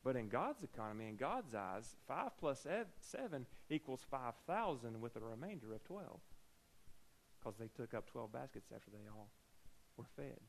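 A man's voice: mid-range voice, big pitch swings, moderate pace, vocal fry, poor audio. A man preaching a sermon, telling a personal story with humorous asides and acting out the dialogue.

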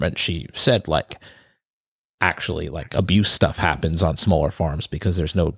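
A man with a New Jersey accent talks casually on a podcast. He rambles and halts, restarting his sentences. His voice sits fairly low. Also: creaky, a bit bright, slightly rough. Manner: rambling, halting, many restarts.

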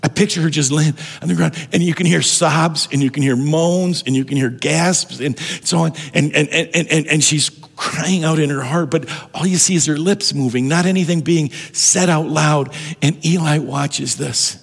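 A man's voice: a little high, moderate pace, creaky, few pauses, breathy edge. A man preaching a sermon as pastor, talking conversationally and often restarting and repeating words. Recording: long hall reverb.

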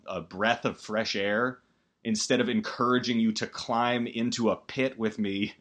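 A man hosts a comedic solo podcast, rambling and poking fun at himself. He stammers through many restarts, and his pitch jumps suddenly.

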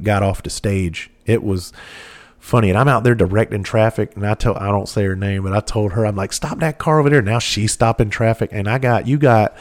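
A man's voice: on the low side, a little mellow. Profane man telling stories. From southern United States. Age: 40s. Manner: profane, rambling, lots of fillers. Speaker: former police officer. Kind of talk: casual storytelling monologue.

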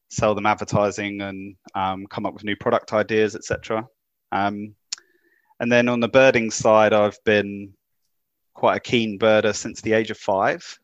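Hesitant English man, low voice. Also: no room sound, muffled recording. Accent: English, turning Kiwi. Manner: hesitant, many ums and restarts. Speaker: podcast guest, birder. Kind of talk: casual interview chat.

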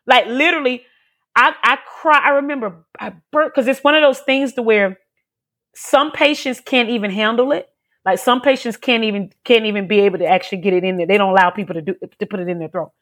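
A woman's voice: on the high side, a little fast, fairly bright tone. A woman giving an emotional personal testimony as an interview guest, talking earnestly and repeating herself as she tells her story.

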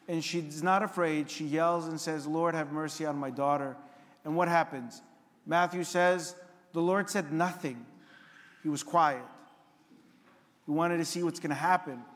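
A man's voice: high-pitched, fairly bright tone, in a large hall. A man giving a sermon as a priest, conversational, often putting questions to the congregation.

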